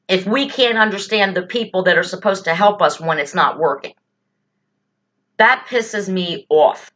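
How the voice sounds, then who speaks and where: A woman's voice: medium pitch, sharp tone. Woman vlogger with an ordinary mid-range voice, blunt and exasperated, on a slightly dull lo-fi track. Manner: blunt, exasperated, with rhetorical questions and swearing. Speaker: political vlogger. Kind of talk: indignant political commentary.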